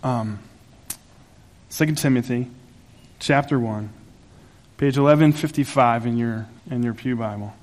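A man's voice: mid-range voice, unhurried, long pauses, a little mellow. A pastor preaching a sermon to his congregation in a conversational, humorous way, laughing at his own asides. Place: church sanctuary.

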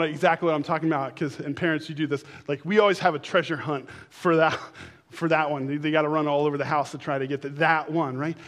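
A man preaching a sermon to his congregation, conversational and animated, breaking into shouts of excitement. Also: on the high side. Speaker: pastor. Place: church sanctuary.

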